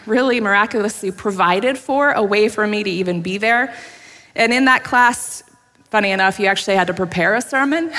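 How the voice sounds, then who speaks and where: A woman's voice: mid-range voice, bright, forceful tone. A woman pastor giving a sermon, telling a personal story candidly, laughing at herself now and then. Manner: candid, self-deprecating storytelling with frequent laughs. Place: church sanctuary. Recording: long hall reverb.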